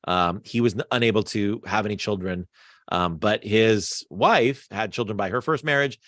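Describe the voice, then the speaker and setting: A male history teacher giving a casual online quiz review, chatty and animated, with lots of fillers and asides. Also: on the low side, moderate pace, no room sound, clean studio sound.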